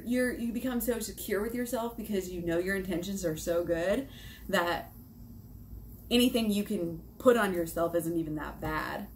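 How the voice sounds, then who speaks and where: Woman, casual self-help vlog, lively, cursing, plays out inner thoughts, slightly low voice. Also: a little hiss or hum. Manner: animated, swearing, acting out inner dialogue. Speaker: vlogger on self-help and shadow work. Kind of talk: casual spoken vlog, talking to viewers.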